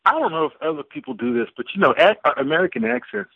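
A man whose voice is gravelly and husky, swinging widely up and down as he talks. He stumbles and restarts his sentences, full of eager curiosity. The sound is thin and dry, like a phone line. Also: high-pitched, dry recording. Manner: halting, restarts often, excited curiosity. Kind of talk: casual radio conversation.

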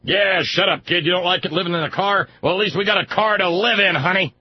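A man voicing a smug working-class father who lectures his family with loud, sarcastic, mock-patriotic bluster. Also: fairly high pitch, normal speed, lo-fi sound, faint music behind, lightly acted.

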